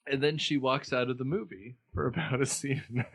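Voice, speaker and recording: A man's voice: mid-range voice, fairly even intonation, normal speed, creaky, fairly bright tone, low-quality recording. A man hosting a podcast, casually recapping a film in a rambling way and often laughing at his own jokes. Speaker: podcast host.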